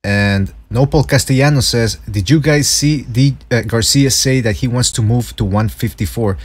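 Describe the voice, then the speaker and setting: A man's voice: medium pitch, moderate pace, husky. A man hosting a casual boxing podcast, swearing freely and laughing often. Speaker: podcast host.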